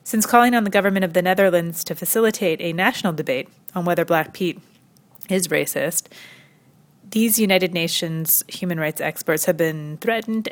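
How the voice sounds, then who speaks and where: Sarcastic woman delivering a comedy monologue. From Quebec. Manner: sarcastic, with sudden high mock-incredulous leaps. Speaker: satirical commentary host. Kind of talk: scripted satirical comedy monologue.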